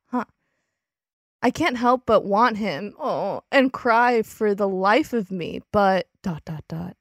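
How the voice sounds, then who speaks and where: A woman chats on a podcast, laughing easily and reading from an old diary with playful drama. Her pitch bounces around a lot as she talks. The sound is dry and close. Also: no echo. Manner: giggly, reads diary aloud with playful drama. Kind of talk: casual chat.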